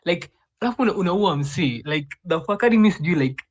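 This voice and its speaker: Furious fast-talking Kenyan man. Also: high-pitched, animated. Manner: furious, swearing, mixing Swahili and English. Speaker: speaker in a live audio room. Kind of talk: impassioned casual talk.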